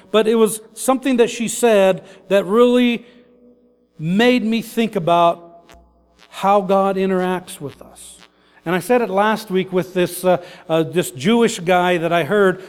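A man's voice: high-pitched, clean tone, big-room sound. A man preaching a sermon as pastor, earnest and repetitive, building his points in lists.

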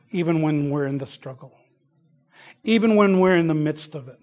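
A man preaching a sermon, shifting between loud exclamations and quiet asides, telling stories in a conversational way. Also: high voice. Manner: conversational storytelling with fillers.

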